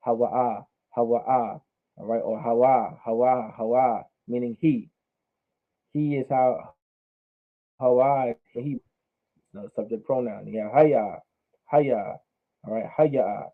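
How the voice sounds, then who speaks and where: A man teaching a language class online, drilling words by repeating them slowly. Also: mid-range voice. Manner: repetitive, drills pronunciation slowly. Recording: phone-like narrow sound.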